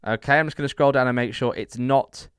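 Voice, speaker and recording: A man's voice: mid-range voice, steady tone, fast, clean tone, no room sound, studio quality. A British man co-hosting a casual podcast, reading listener emails aloud with wry, self-deprecating asides. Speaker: podcast co-host.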